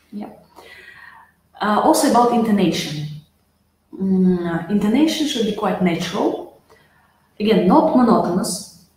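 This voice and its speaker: Chatty woman teacher in a very echoey room. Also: mid-range voice. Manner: lively, chatty, acts out example answers. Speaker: IELTS teacher. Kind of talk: informal online lesson.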